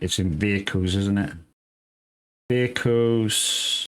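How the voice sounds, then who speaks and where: A man's voice: fairly low pitch, slow, clear, resonant tone. A man chatting casually while streaming a farming game, greeting viewers and swearing freely as he rambles between tasks. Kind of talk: casual live gameplay commentary.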